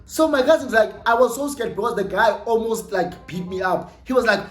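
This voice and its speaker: A young South African woman with a Xhosa-flavoured accent, casually telling an animated story and switching between English and Xhosa. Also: mid-range voice, normal speed, few pauses, reverberant, faint music behind. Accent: South African, mixing in Xhosa. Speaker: storytime vlogger.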